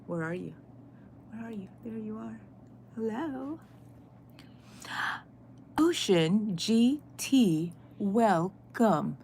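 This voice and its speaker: A woman's voice: mid-range voice, lively intonation, drawn-out words, vocal fry, long pauses, warm tone, a little hiss or hum. A middle-aged woman, chatting casually on a crochet livestream from her craft room and greeting viewers by name. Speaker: crochet channel host.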